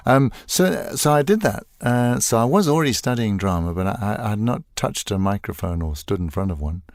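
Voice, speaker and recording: A man's voice: lowish voice, fairly quick, no echo, studio quality. A man in his sixties from South Africa, a voice actor telling wry anecdotes as an interview guest. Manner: animated, wry, tells anecdotes with playful asides. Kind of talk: casual interview storytelling.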